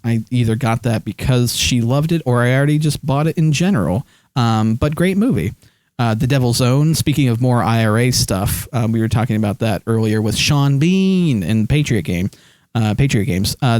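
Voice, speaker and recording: His medium-pitched voice is slightly mellow and clean, captured without echo from close to his desk microphone. Streaming live, he talks loosely about his film collection, stumbling through ums and restarts and reading chat aloud.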